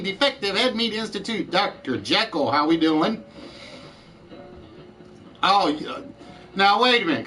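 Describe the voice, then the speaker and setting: A man's voice: fairly high pitch, lively intonation, a little slow, sharp tone, low-quality recording. Chatty Southern US man hosting a game show. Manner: chatty, greets and answers viewers from the chat.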